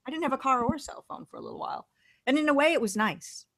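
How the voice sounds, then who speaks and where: A woman's voice: sits high, wildly swooping pitch, fast, creaky, fairly bright tone, no room sound. Chatty woman host, dry sound. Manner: chatty, reads viewer comments aloud. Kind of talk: casual chat, reading live chat.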